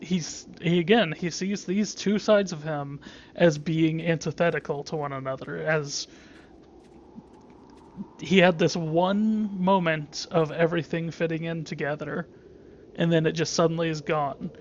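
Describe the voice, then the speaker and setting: Rambling, higher-voiced man playing a game. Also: fairly even intonation, a little slow, muffled recording, slight background noise. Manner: rambling, thinking aloud with many restarts. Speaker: let's play commentator. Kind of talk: casual gameplay commentary.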